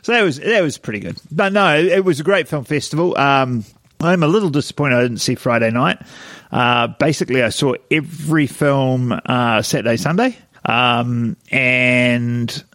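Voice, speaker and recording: A man's voice: medium pitch, moderate pace, a bit bright, dry recording. Podcast co-host, New man, rambling and a bit drunk, hiccups, dead-dry mic. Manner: rambling, laughs often, tipsy. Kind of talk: casual chat.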